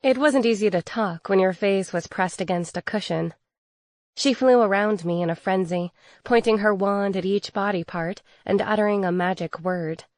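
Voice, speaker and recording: A woman narrates an audiobook in first person with a steady, even delivery. Her voice sits at a middle pitch, recorded close and dry with no room sound. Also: normal speed, no echo.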